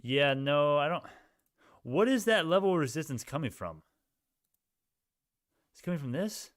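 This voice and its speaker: Male stock streamer, clear smooth voice, dry close sound, loose and rambling. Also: fairly high pitch, sing-song, measured pace, no room sound. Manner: rambling, casual, thinking aloud. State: sleepy, yawning. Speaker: stock livestream host. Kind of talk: live stream chat answering viewers.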